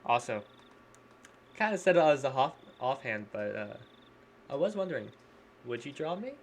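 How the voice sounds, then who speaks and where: A man's voice: mid-range voice, very animated, normal speed, a little hiss or hum. Casual, slangy male streamer. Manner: loose, slangy and chatty, with frequent laughs. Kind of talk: casual live-stream chat.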